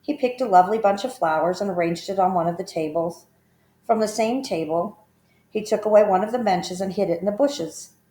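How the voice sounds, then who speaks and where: A woman reads a children's story aloud in an expressive, measured storytelling manner, her mid-range voice carrying a roomy echo.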